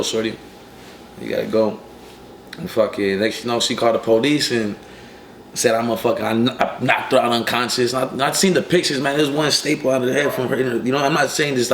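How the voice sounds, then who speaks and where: Young guy rattling off his story quick, lots of cussing and fillers, roomy echo with a bit of hiss behind. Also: medium pitch, gravelly, fairly bright tone. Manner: streetwise, profane, rapid storytelling with many fillers. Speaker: rapper, interview guest. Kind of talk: casual interview storytelling. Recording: echoey room with faint ambient noise.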